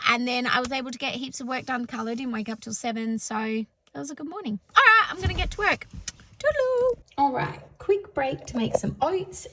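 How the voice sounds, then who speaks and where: A woman's voice: a little high, bright, forceful tone, slight background noise. A woman in her thirties with an Australian accent, chatting candidly and breezily to the camera in a home vlog. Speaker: vlogger. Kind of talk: casual vlog chat.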